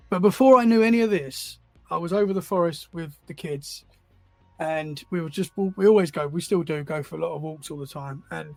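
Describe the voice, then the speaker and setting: Guy rambling through a spooky story, kinda high voice, bit of fry, dry sound. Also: dry recording. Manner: rambling, repeats words while finding his thread. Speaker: podcast guest, paranormal enthusiast. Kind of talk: casual storytelling.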